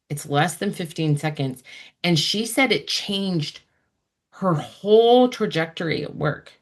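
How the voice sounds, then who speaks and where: A woman speaking as an interview guest, talking in an animated way and acting out her inner voices in quick asides. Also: fairly low pitch. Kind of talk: conversational interview answers.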